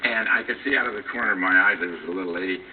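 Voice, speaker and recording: An older male actor spinning a dry anecdote as a talk show guest, pausing now and then to clear his throat. His voice comes from far off and sounds tinny, like an old TV recording with noticeable hiss. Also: lowish voice. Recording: distant tinny TV broadcast capture, hissy.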